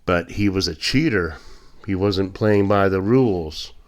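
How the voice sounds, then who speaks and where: Slow, low-voiced indignant man ranting. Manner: blunt and indignant, with sarcastic mock quotes. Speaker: political commentator. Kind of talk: opinion monologue.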